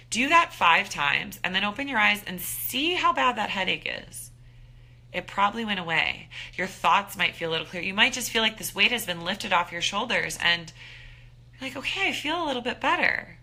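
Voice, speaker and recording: A woman in her thirties giving an upbeat, animated motivational talk as a wellness coach, acting out her own thoughts. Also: mid-range voice, moderate pace.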